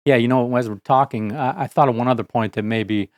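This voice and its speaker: A man, an engineer, co-hosting a casual tech podcast, speaking in a measured, plainspoken way with many fillers. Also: mid-range voice, darkish tone, no room sound, clean studio sound.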